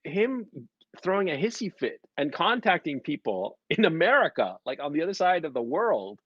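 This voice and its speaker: A man hosting a stream, chatting casually with a profane, rambling, animated way of telling stories. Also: on the high side, moderate pace, slightly rough, no echo. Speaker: stream host. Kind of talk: casual podcast chat. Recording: dry, dull lo-fi sound.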